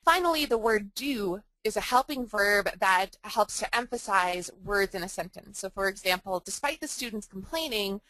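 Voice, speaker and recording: A young woman explains grammar in a clear, patient lesson, leaning on the example words to make each point. Her voice is bright and forward. The recording is close and dry, with no room sound. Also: mid-range voice, lively intonation, moderate pace, few pauses, no room sound, poor audio. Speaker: writing center tutor.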